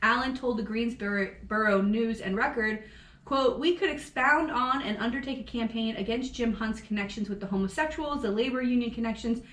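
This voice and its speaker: A woman from Florida co-hosting a casual true-crime podcast, swearing freely and laughing through animated storytelling. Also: a little high, moderate pace, echoey room. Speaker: podcast co-host.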